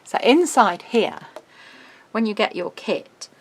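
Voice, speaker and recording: A woman's voice: mid-range voice, animated. A middle-aged woman, presenting a craft album in a casual, bubbly walkthrough. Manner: chatty, bubbly, quick laughs.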